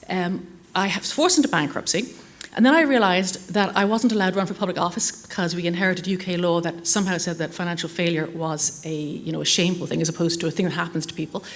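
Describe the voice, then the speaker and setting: A middle-aged woman, giving a chatty conference talk full of anecdotes and self-deprecating jokes. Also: fairly low pitch. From Ireland. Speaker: conference speaker. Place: conference hall.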